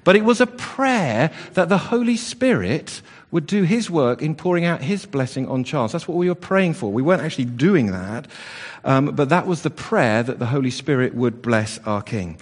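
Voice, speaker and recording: A man's voice: a little high, expressive, moderate pace. A man leading an all-age church service, chatty and playful with the children, with lots of fillers and restarts. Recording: long church reverb.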